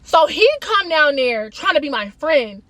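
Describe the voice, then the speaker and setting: High-voiced woman telling a story. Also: a little slow, no echo. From Atlanta, USA. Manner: animated, emphatic, slangy, addresses viewers directly. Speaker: vlogger. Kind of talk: storytime vlog, casual retelling.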